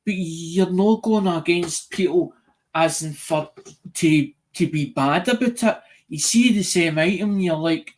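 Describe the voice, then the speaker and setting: A coin-collecting YouTuber chats casually to viewers, rambling, repeating and restarting phrases, and acting out the voices of people he quotes. His voice is on the high side and a little slow.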